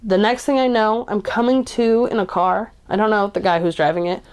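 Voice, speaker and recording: A woman's voice: medium pitch, steady tone, brisk, darkish tone, smooth. A woman in her twenties, in recovery, telling a personal story in a casual, chatty way with lots of "like" and blunt swearing. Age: 20s.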